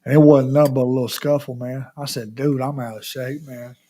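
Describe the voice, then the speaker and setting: A man's voice: medium pitch, level tone, brisk, warm tone. A man in his forties with a mid-range voice who chats in a laid-back way and swears freely. He swaps fight stories easily with his guest. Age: 40s. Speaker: podcast host. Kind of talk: casual chat.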